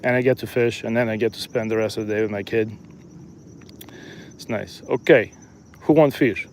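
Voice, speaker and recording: A man's voice: on the low side, fairly even intonation, moderate pace, long pauses, a little mellow. A man in his thirties chatting and joking casually to viewers while he live-streams a fishing trip outdoors. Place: outdoors by a lake.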